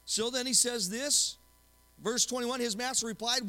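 A male pastor's voice fills a large hall in a church sanctuary: very high, bright and forceful, with fairly even intonation and a moderate pace. He reads scripture and retells a story in quoted voices, frequently putting questions to the congregation during his sermon.

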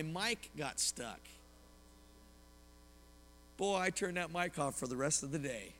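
Bright, high-voiced preacher. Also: male voice, a little slow, long pauses, slight background noise. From Oklahoma, US. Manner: lively preaching with personal stories and questions to the congregation. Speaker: pastor. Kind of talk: sermon. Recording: long hall reverb.

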